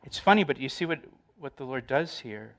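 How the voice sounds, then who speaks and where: A man's voice: medium pitch, lively intonation, a little fast, creaky, a bit bright. A middle-aged male pastor preaching a sermon, repeating phrases for emphasis and raising his voice in quoted lines.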